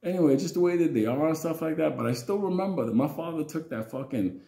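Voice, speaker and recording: Man, rambling profane storytelling, lively swings in pitch, echoey room. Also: fast talker, vocal fry. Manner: rambling, profane and animated, full of restarts. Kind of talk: casual storytelling vlog.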